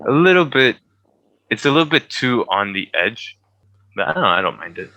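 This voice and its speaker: A man co-hosting a podcast in casual chat, teasing his friend and quick to laugh. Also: medium pitch, sing-song, sharp tone, no echo, low-quality recording. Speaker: podcast co-host.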